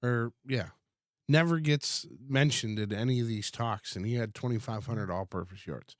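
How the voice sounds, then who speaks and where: A man's voice: medium pitch, normal speed, dry recording, studio quality. A man co-hosting a casual podcast from a converted garage, talking in a rambling way with frequent restarts. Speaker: podcast co-host. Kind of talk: casual chat.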